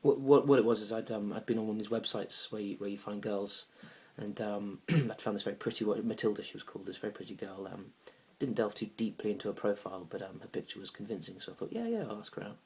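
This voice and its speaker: A young man telling a comic story about a bad date, awkward and rambling, now and then bursting into loud indignant rants. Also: lowish voice, flat delivery, fast talker, few pauses. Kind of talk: deadpan comic monologue.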